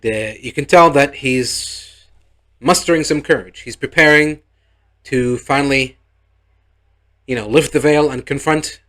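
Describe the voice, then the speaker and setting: A man's voice: mid-range voice, a bit bright. Sarcastic rambling male reviewer. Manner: sarcastic, rambling, acts out the characters' lines. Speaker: show reviewer. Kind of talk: casual spoken review recap.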